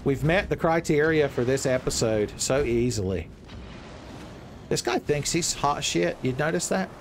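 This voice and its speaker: A young man giving playful, joking commentary over his own gameplay, breaking into loud exclamations. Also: fairly high pitch, animated, measured pace, slight background noise. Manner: playful, jokey, swings into loud shouted exclamations. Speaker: gaming video creator.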